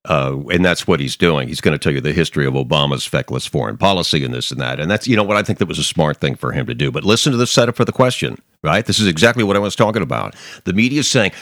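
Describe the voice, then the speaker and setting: Deep-voiced man hosting a political podcast. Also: lively intonation, fairly quick, fairly bright tone, no echo, studio quality. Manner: rambling, emphatic, with many restarts and mocking quoted voices. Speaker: podcast host. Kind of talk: opinionated political commentary.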